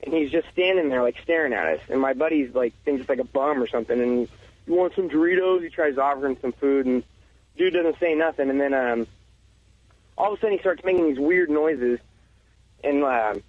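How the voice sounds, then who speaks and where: A man's voice: mid-range voice, a little fast, no room sound. A man calling in to a radio show, rambling through a childhood story with lots of "uh" and "like", chuckling as he goes. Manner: rambling, filler-heavy, chuckles often. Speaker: caller. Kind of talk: casual storytelling on a phone-in. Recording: muffled lo-fi radio sound.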